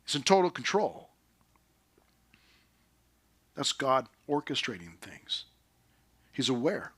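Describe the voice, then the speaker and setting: A man preaching a sermon in a conversational, energetic way, often dropping to a hushed tone for emphasis. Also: medium pitch, slow pace, breathy edge, dry recording. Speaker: pastor.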